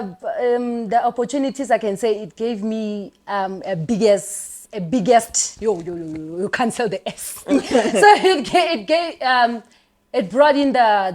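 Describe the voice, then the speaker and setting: A young woman with a South African accent, a content creator guest telling stories animatedly in a casual podcast interview and laughing often. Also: medium pitch. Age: young adult.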